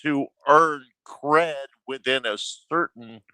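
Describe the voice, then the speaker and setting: Forceful lecturing man on a call-in panel. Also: on the high side, slow pace, low-quality recording. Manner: lecturing, forceful, repeats himself. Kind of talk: heated panel argument.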